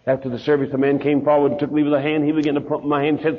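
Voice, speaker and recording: Folksy Southern preacher, husky voice. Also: male voice, a little high, little pitch movement, rapid-fire, hardly any pauses. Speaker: pastor. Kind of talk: sermon storytelling. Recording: dull lo-fi sermon recording.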